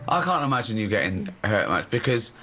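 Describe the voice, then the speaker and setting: A man's voice: lowish voice, very animated, fairly quick, sharp tone, faint music behind. A man hosting a radio show, teasing and mocking his guest with crude jokes. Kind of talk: mocking banter.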